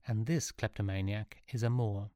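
A man's voice: on the low side, steady tone, normal speed, dark tone, no echo, close to an everyday voice. Jenny, a firm, kind girl leader, read by a man.

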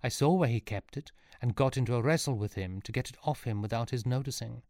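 A man's voice: mid-range voice, quick pace, a little mellow, dry recording, studio quality, close to an everyday voice. A man voicing an earnest young apprentice in a storybook reading. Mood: eager.

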